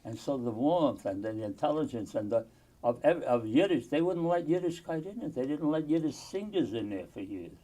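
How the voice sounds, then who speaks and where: Older man, earnest and halting. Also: medium pitch, lively intonation, warm tone. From United States. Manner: earnest, halting, with many pauses and restarts. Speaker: oral history interviewee. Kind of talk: oral history interview.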